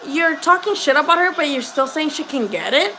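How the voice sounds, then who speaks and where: A woman with a high, bright, ringing voice hosts a casual live chat about boxing. She is blunt and foul-mouthed, teasing and talking back to her viewers. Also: expressive, fairly quick. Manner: blunt, profane and joking, talks back to chat. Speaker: host of a boxing livestream.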